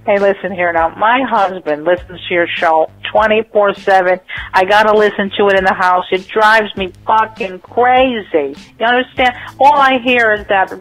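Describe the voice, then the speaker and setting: A woman's voice: mid-range voice, steady tone, normal speed, faint music behind, poor audio. A woman calling in to a show, blunt and swearing freely. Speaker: caller leaving a message.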